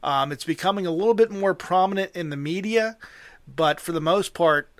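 A man's voice: high-pitched, normal speed, no echo. Older Western Pennsylvania man, chatty. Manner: chatty, enthusiastic, explains at length. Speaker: host. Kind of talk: casual conversation.

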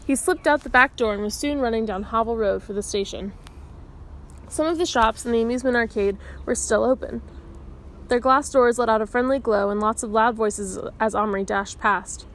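A woman reading a children's novel aloud, expressive, giving the dialogue its own voices. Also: on the high side, moderate pace. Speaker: audiobook reader.

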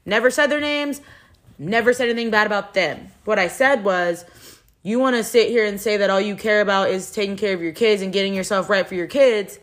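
A young woman vents about a hurtful relationship in a personal vlog. She talks in a heated, frustrated rush, swearing freely and rambling with restarts and lots of "like." Her voice sits at an ordinary middle pitch. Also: brisk. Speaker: vlogger.

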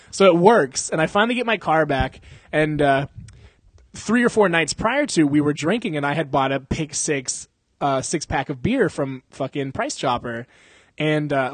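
A young man telling a long story in casual chat, animated and full of swearing and laughter. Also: fairly high pitch, dry recording.

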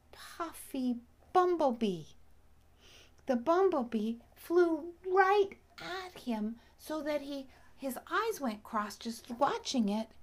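A woman reading a children's story aloud slowly and expressively, often dropping to a soft whisper. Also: high voice, creaky.

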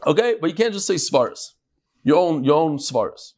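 A high-voiced man leads a Talmud class with a voice that swoops up and down. He teaches by firing rhetorical questions at his students and often breaks off and restarts his sentences. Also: normal speed. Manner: animated, fires rhetorical questions, frequent restarts.

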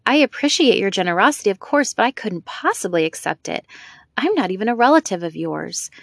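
A woman's voice: medium pitch, expressive, a little fast, no room sound, studio quality. A woman reading the part of a polite, admiring man visiting an old lady, courteous and earnest.

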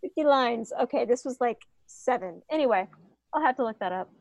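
Tinged woman co-host, excitable chatter, slightly high voice, dry close sound. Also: brisk, creaky, no room sound. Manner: gushing, excitable, talks with "like" fillers. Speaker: podcast co-host. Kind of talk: casual chat.

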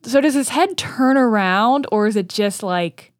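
A woman co-hosting a casual podcast, talking in quick chatty bursts full of "like". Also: fairly high pitch, animated, no room sound, studio quality. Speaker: podcast co-host, first-time reader.

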